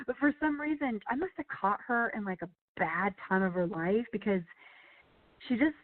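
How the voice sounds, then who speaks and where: A woman on a guest call tells stories in a loose, chatty way, her talk full of "you know" and "like". Her voice sits at a middle pitch for a woman. It reaches us through a narrow, tinny phone line. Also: lively intonation, brisk. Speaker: author guest. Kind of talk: casual interview chat.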